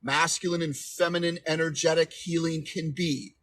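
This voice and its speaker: A man's voice: a little high, fairly even intonation, moderate pace, a bit bright, a little hiss or hum. A man in his forties giving relationship advice on a livestream, emphatic and repetitive, often asking "okay?". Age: 40s. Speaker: relationship coach.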